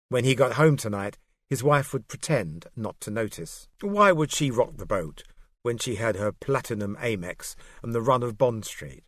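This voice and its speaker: A man narrating an audiobook in a steady, measured storytelling way. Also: lowish voice, no echo, clean studio sound. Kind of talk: scripted narration.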